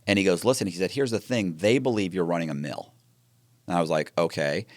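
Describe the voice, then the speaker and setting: A man telling his story in an interview, animated and acting out the dialogue with frequent restarts. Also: low voice, fairly quick, no echo, clean studio sound. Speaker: interview guest.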